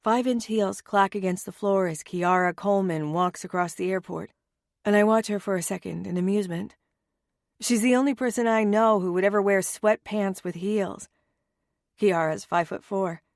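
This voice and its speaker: A woman's voice: medium pitch, darkish tone, dry recording, clean studio sound. Woman narrating a romance audiobook.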